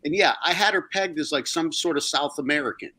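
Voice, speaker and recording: A man guest chatting casually in a relaxed, storytelling way. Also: fairly high pitch, fairly quick. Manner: relaxed storytelling, self-interrupting. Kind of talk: casual chat.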